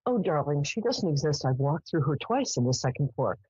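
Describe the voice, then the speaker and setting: Woman quoting an intellectual mother, condescending but fond, low voice. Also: big pitch swings, fairly quick, dark tone, husky, dry recording, dull audio, exaggerated voice. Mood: dismissive. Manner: dismissive, affectionately condescending. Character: serious, intellectual professor mother.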